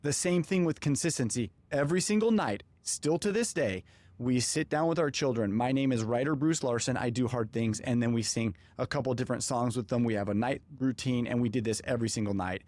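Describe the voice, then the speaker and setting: A man hosting a podcast, telling a personal story in an animated way and acting out the dialogue. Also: medium pitch, brisk, no echo. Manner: animated, acts out quoted dialogue. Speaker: podcast host. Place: podcast studio.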